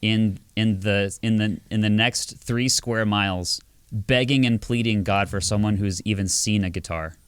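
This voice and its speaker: A man's voice: lowish voice, steady tone, moderate pace, clean tone, no room sound. A man hosting a casual comedy podcast, talking in a wry, self-mocking grouchy way. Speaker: podcast host, worship pastor.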